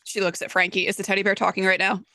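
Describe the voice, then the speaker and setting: A woman playing in a tabletop game, blunt and deadpan. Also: medium pitch, racing. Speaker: player. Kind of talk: casual tabletop play.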